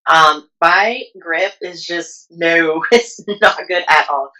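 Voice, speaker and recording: A woman's voice: lowish voice, slow pace, pushed and bright, rough recording. A woman guest on a podcast, talking in a laid-back way, full of likes and ums. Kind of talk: casual interview chat.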